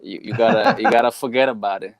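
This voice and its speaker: A man putting on the voice of a gruff New York wiseguy, drawling and mumbled. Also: fairly low pitch, fairly even intonation, quick pace, crowd noise, pitched below the performer's own voice, close to an everyday voice. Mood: wry.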